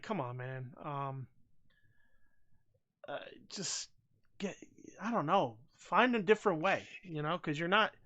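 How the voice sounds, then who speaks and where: Guy on a wrestling podcast, bright voice, blunt and sweary, lots of restarts. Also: high-pitched. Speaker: podcast co-host. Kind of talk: casual wrestling podcast chat.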